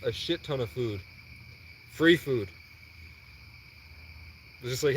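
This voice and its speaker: A man's voice: mid-range voice, a little hiss or hum. A young man on a livestream, telling a long rambling personal story and acting out the dialogue. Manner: animated, quoting others in quick dialogue.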